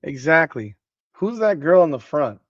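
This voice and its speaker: A man's voice: fairly high pitch, big pitch swings, normal speed, no room sound, dull audio. A man hosting a casual livestream podcast, talking bluntly with lots of swearing and repeating himself as he reacts. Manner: greets chat viewers by name. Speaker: podcast host.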